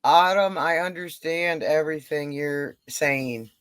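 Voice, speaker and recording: A woman calling in to a livestream, agreeing with the host in a measured way. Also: low-pitched, clear, resonant tone, no echo. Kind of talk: casual chat.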